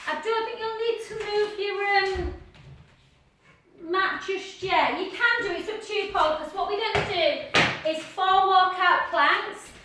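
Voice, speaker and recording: A woman leading a live pilates class from home, cueing gently with counts and chatty asides. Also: extremely high pitch, measured pace, very noisy. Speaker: pilates instructor. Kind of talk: live online class instruction. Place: home room with dog nearby. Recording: echoey room heard from a distance.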